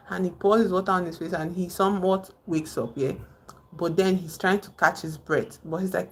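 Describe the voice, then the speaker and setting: A woman's voice: lowish voice, steady tone, normal speed, fairly bright tone, a little hiss or hum. A woman with a Nigerian accent hosting a casual livestream, rambling as she retells film scenes and greets viewers in the chat. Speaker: livestream host.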